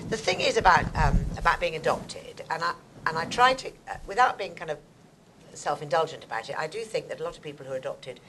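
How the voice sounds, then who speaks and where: A woman in her sixties with a posh English accent, an actress telling her life story in a lively, theatrical way. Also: low voice, quick pace, a little hiss or hum, low-quality recording. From England. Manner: animated, theatrical, acts out other people's voices. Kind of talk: conversational storytelling on stage.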